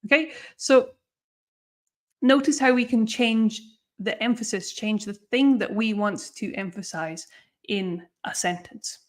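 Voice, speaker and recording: A woman's voice: fairly high pitch, measured pace. A woman teaching English grammar in a live online lesson, explaining patiently and often checking in with "okay?" and "no?".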